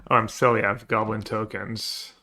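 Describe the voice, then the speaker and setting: A man's voice: lowish voice, level tone, moderate pace, sharp tone. A man casually commenting on his own card game, muttering and thinking aloud as he plays. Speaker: streamer playing a card game.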